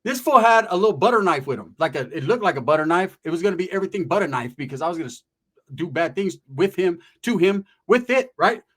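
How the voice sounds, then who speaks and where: A man's voice: sits high, expressive, fast, fairly bright tone. A middle-aged man casually telling a profane, streetwise story from his past, often tagging his lines with "right?".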